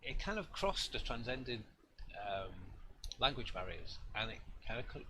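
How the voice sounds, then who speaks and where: A man's voice: mid-range voice, sing-song, normal speed. A man, an artist hosting a live stream, telling a story in a rambling, self-deprecating way with lots of restarts. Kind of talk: casual storytelling chat. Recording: noisy room ambience.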